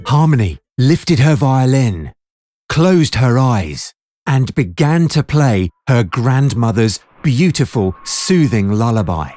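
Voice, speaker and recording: A storyteller reading a children's story aloud in an expressive way. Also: mid-range voice, takes it slowly, dry recording, soft background music. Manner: lively, expressive.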